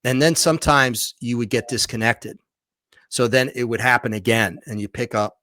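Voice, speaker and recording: A documentary filmmaker and author, guesting on a podcast, tells a story in an animated way, often restarting and repeating himself. His voice is medium-pitched and moderately paced, captured with studio quality and no echo.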